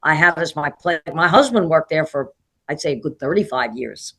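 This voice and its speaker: Jersey-accented woman, bright and chatty. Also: sits low, moderate pace, breathy edge. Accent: New Jersey and New York City. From New Jersey, USA. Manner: chatty, animated storytelling with many "okay?" asides. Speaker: guest. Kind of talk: casual interview chat.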